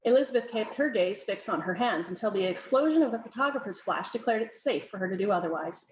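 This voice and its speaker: A woman's voice: medium pitch, lively intonation, fast talker, echoey room, dull audio, slight background noise. A woman author reading her own novel aloud in an informal, non-professional way. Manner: informal, self-correcting reading.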